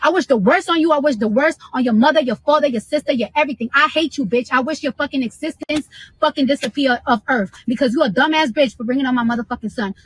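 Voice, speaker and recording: A young woman in her twenties vents into her phone during a livestream. Her voice sits high and the words tumble out fast. Her rant is heated and profane. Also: low-quality recording. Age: 20s.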